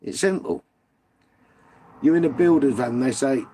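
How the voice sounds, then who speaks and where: A man's voice: medium pitch, animated, a little slow, mellow, slight background noise. A British man hosting a live stream, chatting casually with viewers and reading out their comments in a blunt, sweary, ranting way.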